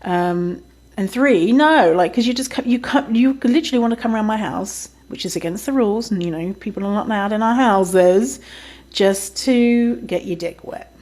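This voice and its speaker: A woman's voice: mid-range voice, normal speed, a little mellow. A woman hosting a podcast, telling a story in a casual, chatty way, swearing freely and often laughing. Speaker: podcast host.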